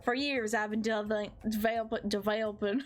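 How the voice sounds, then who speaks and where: A woman's voice: mid-range voice, fairly even intonation, moderate pace, lightly acted. A woman voicing an older male fried-chicken chef in a dating game, with a folksy drawl and howdy-style greetings. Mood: proud.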